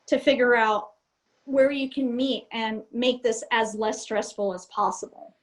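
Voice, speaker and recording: A middle-aged woman, an airline captain, telling stories in a casual interview, animated and laughing often as she acts out cockpit talk. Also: fairly high pitch, a little slow, low-quality recording.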